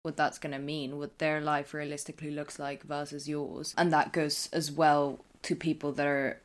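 A woman in her twenties with an English accent, co-hosting a podcast and talking in a thoughtful, measured way. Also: deep voice, flat delivery. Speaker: podcast co-host. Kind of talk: casual chat.

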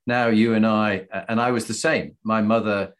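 A man's voice: lowish voice, steady tone, moderate pace. A man in his sixties from Yorkshire, interviewing a guest in a rambling, anecdotal way. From Yorkshire, England. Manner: rambling, anecdotal, with a gentle chuckle. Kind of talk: conversational interview.

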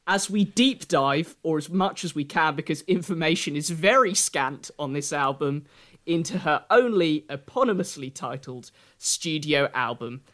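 A man's voice: on the high side, animated, measured pace, fairly bright tone. A man co-hosting a podcast in casual chat, reading from a script with dry jokes. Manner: dry, joking, reads from a script. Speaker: podcast co-host.

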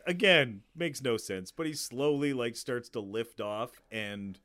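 A man in casual chat, retelling a comedy film scene by scene with loose swearing and little acted-out bits. His pitch sits at a middling level for a man. The sound is dry and close, with no room around it. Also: measured pace, no room sound. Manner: animated storytelling, swears freely, acts out scenes. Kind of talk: casual movie recap chat.

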